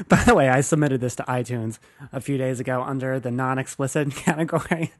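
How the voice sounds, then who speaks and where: A man's voice: mid-range voice, lively intonation, fairly quick, no echo, clean studio sound. A young man hosting a podcast, rambling through a crude comic monologue, swearing often and laughing at his own jokes. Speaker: podcast host. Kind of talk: casual comedic monologue.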